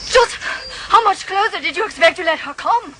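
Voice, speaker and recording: A woman's voice: lively intonation, normal speed. An actress playing a terrified woman begging a man to shoot an approaching lioness, in a film drama with a noisy old soundtrack. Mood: panicked. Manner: panicked, pleading, high-pitched.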